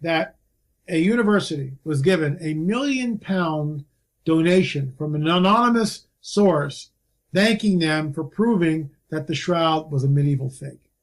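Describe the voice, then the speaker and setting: Man, high voice, emphatic, impassioned, conversational guest. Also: unhurried. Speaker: field researcher guest. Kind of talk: casual conversation.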